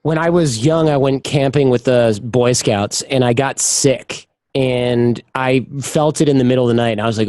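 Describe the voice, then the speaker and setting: Speaking a little fast with fairly even intonation, a man appears as a podcast guest and candidly tells personal stories in a casual interview, frequently imitating the people he quotes. His medium-pitched voice is a little mellow, recorded with no room sound.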